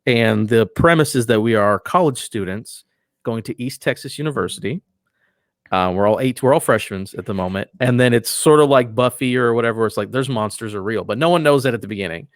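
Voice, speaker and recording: A man who is a voice actor and podcaster, a guest in a casual interview, talking in a relaxed, enthusiastic way and often trailing off softly. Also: medium pitch, a little fast, dry recording, studio quality.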